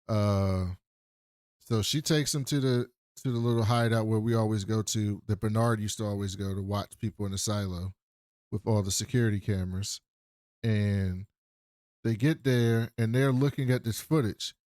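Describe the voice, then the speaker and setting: A man's voice: on the low side, moderate pace, no room sound, clean studio sound. A man co-hosting a podcast, casually recapping a TV episode and acting out the characters' lines. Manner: animated retelling, acting out characters' lines with swearing. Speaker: podcast co-host.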